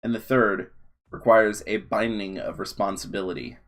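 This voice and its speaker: A man's voice: on the low side, fairly even intonation, moderate pace, fairly bright tone, lightly acted. A man voicing an old talking desert snake, dry and matter-of-fact with a joking streak. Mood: explaining. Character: ancient talking male desert snake, wry and calm.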